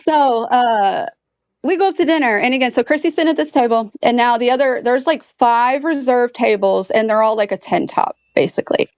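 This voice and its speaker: A woman guest telling a story in casual chat, animated and profane, filling her talk with "like". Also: fairly high pitch, a little fast, dry recording, highs cut off. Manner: animated, profane, heavy use of "like".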